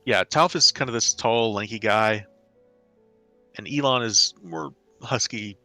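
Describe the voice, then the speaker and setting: A man's voice: on the low side, unhurried, pushed and bright, no echo, soft background music. A man narrating as game master of a tabletop game, describing scenes with frequent restarts. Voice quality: hesitant, many restarts while describing scenes.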